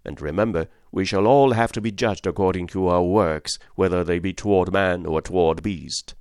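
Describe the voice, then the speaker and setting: A man reading as a stern gentleman. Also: deep voice, moderate pace, clear, resonant tone, dry recording, clean studio sound. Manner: stern, grave moral reproach. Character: stern, upright gentleman horse owner, man. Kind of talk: audiobook character reading.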